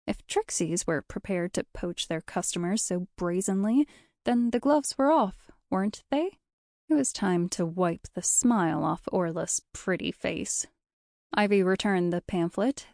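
A woman giving scripted, measured audiobook narration of a story. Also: on the low side, darkish tone, dry recording, studio quality.

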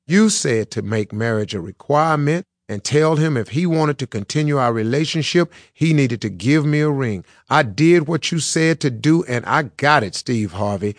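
A breathless woman, excited and insistent, lifts her voice high as she shows off her new ring, a man acting her out. She is out of breath and talks in a dry, close sound. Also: normal speed, hardly any pauses, no room sound, lightly acted.

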